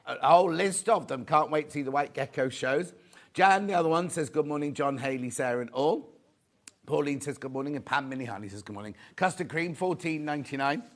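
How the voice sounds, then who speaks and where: A man's voice: on the high side, a little fast. A man presenting a live sewing shopping show, chatty and reading out viewer comments. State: out of breath. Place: TV studio.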